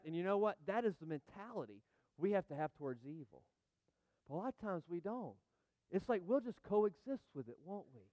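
A middle-aged man preaching a sermon in an animated, emphatic way, repeating phrases and speaking directly to the congregation. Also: sits high, fairly quick, no echo. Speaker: pastor.

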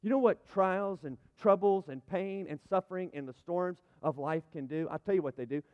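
Pastor preaching in a big reverberant hall. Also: male voice, high-pitched, normal speed, few pauses. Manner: emphatic, builds to loud peaks. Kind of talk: sermon. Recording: dull sound, long hall reverb.

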